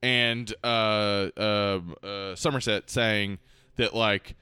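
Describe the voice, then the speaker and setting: A man's voice: on the low side, steady tone, takes it slowly, bright, forceful tone, clear, resonant tone, no room sound. A man co-hosting a podcast, talking through a film in a casual, rambling way with many fillers and restarts. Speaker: podcast co-host. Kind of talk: casual movie discussion.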